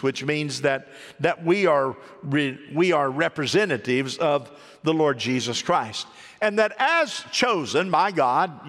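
A man's voice: high-pitched, a bit bright. A man preaching a sermon as pastor, calling out to the congregation for answers and building his exhortation in waves. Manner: call-and-response preaching, rising exhortation. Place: church sanctuary. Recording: long reverb of a church hall.

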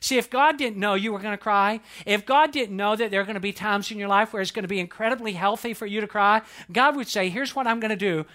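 A man's voice: high voice, fast talker, few pauses, pushed and bright. A middle-aged male pastor preaching a sermon in an earnest, conversational way, with repetitions and restarts.

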